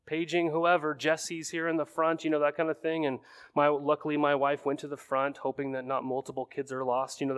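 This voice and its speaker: A pastor in his thirties preaches conversationally, frequently checking in with his listeners through rhetorical questions. His voice is fairly high and fairly bright.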